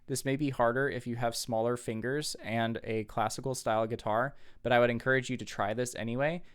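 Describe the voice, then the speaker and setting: A man's voice: medium pitch, steady tone, fairly quick, clear, resonant tone. A man teaching a guitar riff step by step, patiently explaining and counting along. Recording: guitar music over the voice. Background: guitar playing.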